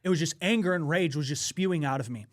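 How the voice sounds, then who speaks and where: This man co-hosts a laid-back podcast. He tells his stories in an animated, profane way, and his voice sits a little on the higher side. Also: fast talker. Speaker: podcast co-host. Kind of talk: casual podcast chat.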